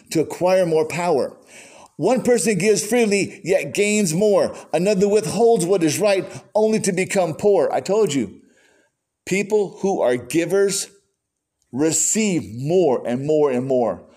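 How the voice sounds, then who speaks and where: A man preaching a sermon as pastor, folksy and animated, with conversational asides. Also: sits high.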